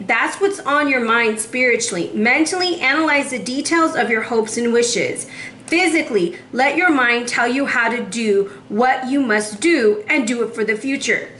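A woman giving a casual tarot reading to the viewer, chatty and lively, slightly out of breath. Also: on the high side. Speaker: tarot reader. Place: warm indoor room. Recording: roomy echo, faint background noise.

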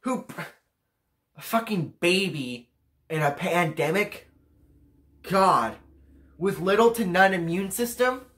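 A man's voice: sits high, expressive, slow pace, pauses often, a bit bright. A teenage boy vlogging a casual rant to camera, ranking pet peeves in a profane, exasperated way. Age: teens.

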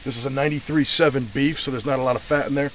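A man's voice: medium pitch, fairly even intonation, rapid-fire, fairly bright tone, a little hiss or hum. Brash joking cooking show guy. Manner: joking, brash, talks to crew. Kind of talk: casual cooking demonstration. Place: kitchen with grill.

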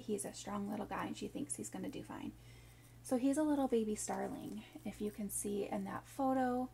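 Gravelly-voiced woman vlogger, rambling. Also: mid-range voice, mellow, a little hiss or hum. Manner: rambling, emotional storytelling with many fillers. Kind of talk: casual vlog talk.

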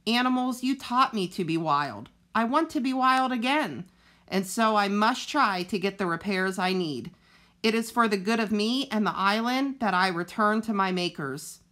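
Picture a calm, earnest female robot from a storybook, with every word measured and plain, as a woman reads her lines aloud. Her voice sits at a middling pitch, neither high nor low. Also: natural voice. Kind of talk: reading a children's novel aloud.

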